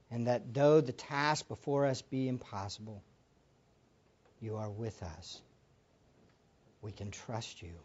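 A preacher giving an impassioned sermon, moving from quiet reflection to loud exclamations and closing in prayer. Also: medium pitch, muffled recording, a little hiss or hum. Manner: ends in prayer.

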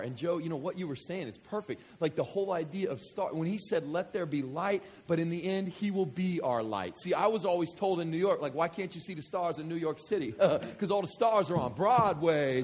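A man from West Kentucky preaching a sermon, joking with the congregation and swinging from quiet scripture reading to loud excitement. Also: a little high, moderate pace, few pauses, slight background noise. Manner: animated, jokey, swings between quiet reading and loud enthusiasm. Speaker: pastor.

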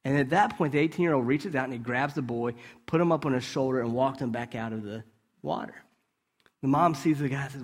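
A man's voice: medium pitch, brisk. A man giving a conversational sermon, asking rhetorical questions and checking in with his listeners. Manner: storytelling with brief restarts. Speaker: preacher.

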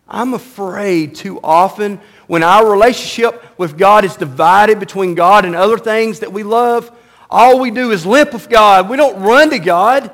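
A male pastor preaching a sermon, reading scripture and explaining it conversationally, swinging from loud and high to low and quiet. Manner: animated, rising loud and high when mocking, dropping low and quiet on solemn lines; reads scripture aloud, then explains it conversationally.

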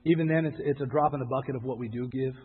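A male pastor preaching a sermon, pleading with his listeners and rising to loud, impassioned exhortation. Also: mid-range voice, steady tone, racing, husky. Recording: phone-like sound with long hall reverb.

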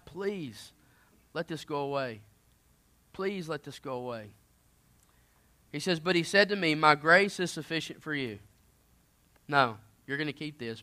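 Guy preaching, high voice, chatty sermon style, gets loud then drops low. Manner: conversational preaching, swings between loud emphasis and quiet asides.

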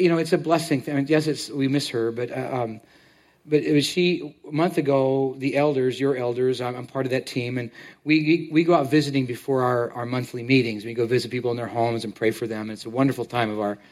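In a church sanctuary, a pastor preaches a sermon to his congregation, speaking haltingly and often repeating words while telling a story. His voice is mid-range with a steady tone.

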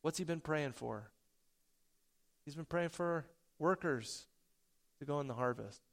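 A man preaching a sermon, telling a personal story with loud emphasis, soft asides and stammered repeats. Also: fairly high pitch, unhurried, vocal fry. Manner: stammers and repeats words when excited. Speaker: pastor.

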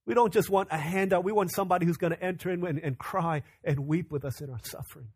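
A man's voice: high-pitched, quick pace, breathy edge, no room sound, rough recording. Impassioned male pastor preaching. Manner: impassioned preaching, rising loud on questions, dropping soft on quotes. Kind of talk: sermon.

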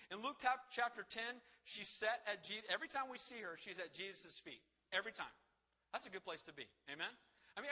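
A man preaching a sermon, animated, with frequent call-outs to the congregation. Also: high voice. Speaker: pastor. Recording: long hall reverb.

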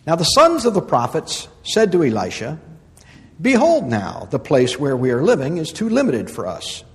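A man preaching a sermon who reads scripture, then explains it with humor, stressing points by repeating phrases and swinging from loud to soft. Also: a little high, huge pitch swings, moderate pace, long reverb tail. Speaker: pastor.

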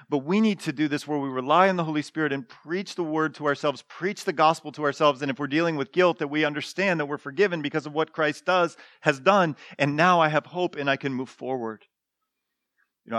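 A middle-aged man preaching a sermon as pastor, in a conversational storytelling manner with restarts and quiet asides. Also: mid-range voice, no echo, clean studio sound. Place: church.

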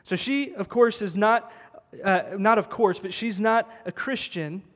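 A man's voice: high voice, measured pace, a bit bright. A man preaching a sermon as pastor, emphatic and conversational, repeating words for stress. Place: church sanctuary. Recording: long church-hall reverb.

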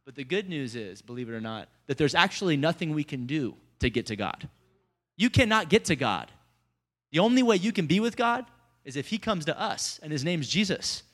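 A pastor giving a lively, conversational sermon to a congregation, calling out to the people in front of him. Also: male voice, a little high, normal speed. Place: church service before a congregation.

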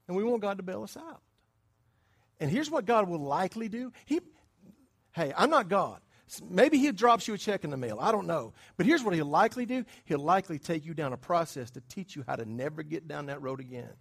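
A man delivers a sermon with a notably high voice. He talks with his congregation more than at them, checking in with quick questions. He drops to near whispers, then climbs into loud, emphatic bursts. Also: very animated, creaky, breathy edge. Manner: conversational preaching, quizzing the congregation; swings between hushed asides and loud emphatic bursts. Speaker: pastor.

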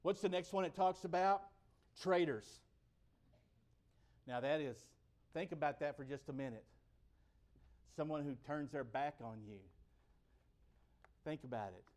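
A man preaching in a fairly high voice, chatting with his congregation like friends. He swells to loud emphatic peaks, then settles low and slow for the scripture. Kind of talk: sermon.

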